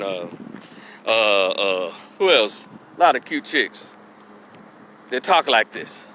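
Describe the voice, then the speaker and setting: A man's voice: a little high, pushed and bright, slight background noise. Blunt profane man ranting. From Memphis, Tennessee. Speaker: opinion vlogger. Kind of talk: unscripted rant.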